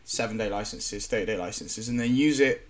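A man's voice: lowish voice, a little fast. Frank, rambling English contractor man. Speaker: self-employed wireless contractor. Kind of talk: casual panel chat.

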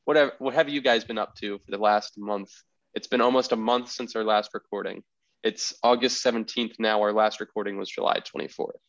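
A man's voice: lowish voice, steady tone, brisk, no echo. A young man hosting a casual podcast chat, teasing his friends and joking around. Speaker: podcast host. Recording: dull dry podcast mic.

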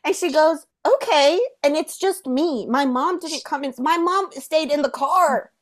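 Young woman podcast host, tells stories all animated, laughs a lot, voice a bit high. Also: unhurried. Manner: animated, laughs while telling a story. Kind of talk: casual storytelling.

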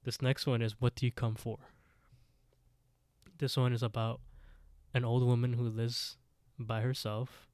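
A man's voice: medium pitch, flat delivery, measured pace, long pauses, a little mellow, no room sound. A man co-hosting a podcast, retelling a scary story in casual chat with lots of fillers. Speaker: podcast co-host.

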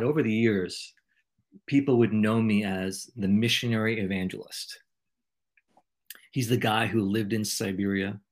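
A middle-aged man with a fairly low voice answers questions in a relaxed interview. His wording is ornate and playful, and his delivery stays measured. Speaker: podcast host, interviewed as guest. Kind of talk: conversational interview.

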